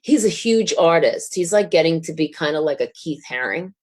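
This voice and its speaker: A middle-aged woman, a guest telling a story in an interview, rambling with fillers and restarts and laughing as she gets excited. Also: low voice, normal speed. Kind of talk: casual storytelling.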